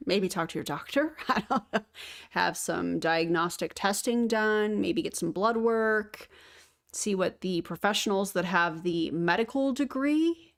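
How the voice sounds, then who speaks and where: A woman hosting a reaction commentary, talking back to clips in a sarcastic, joking way with quick asides. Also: medium pitch. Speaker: commentary host.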